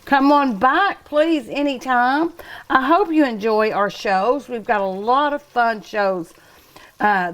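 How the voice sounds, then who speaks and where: A middle-aged woman with a slightly high voice hosts a cooking show in a restaurant kitchen. She chats warmly and eagerly to her viewers, sometimes getting emotional as she cooks and tastes. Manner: chatty, emotional, eager and hungry, talks to viewers. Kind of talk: casual cooking show chat.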